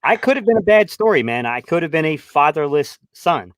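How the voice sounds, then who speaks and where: A man's voice: fairly high pitch, very animated, fairly quick, no room sound. A man hosting a casual sports talk show, laid-back, speaking straight to his listeners. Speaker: podcast host.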